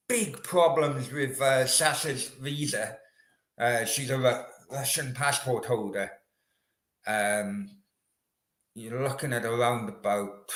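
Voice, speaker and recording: A man's voice: medium pitch, fairly bright tone, reverberant. A man hosting a casual live chat with viewers, chatty and rambling. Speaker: host. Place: room in Australia.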